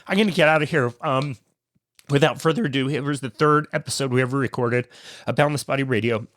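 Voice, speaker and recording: A man's voice: mid-range voice, a bit bright, no room sound, clean studio sound. Emotional male podcast host. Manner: casual, halting, many fillers. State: emotional, near tears. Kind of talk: emotional tribute talk.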